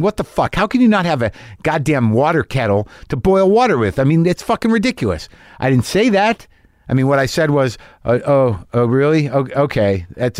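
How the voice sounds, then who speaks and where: A man's voice: a little high, no room sound, clean studio sound. A middle-aged man telling a stand-up story, rambling and self-mocking, swearing freely and acting out his own asides. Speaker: comedian.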